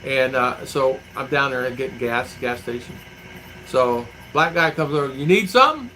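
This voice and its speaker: A man's voice: mid-range voice, little pitch movement, moderate pace, bright, forceful tone, slight background noise, low-quality recording. A middle-aged man from the United States chatting casually on a livestream, rambling and repeating himself as he tells folksy stories and answers viewer comments at home. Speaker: vlogger reading viewer comments.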